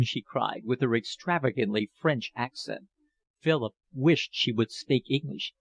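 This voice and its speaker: A man reading a classic novel aloud as an audiobook narrator, with a measured, expressive delivery. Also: medium pitch, creaky, dry recording.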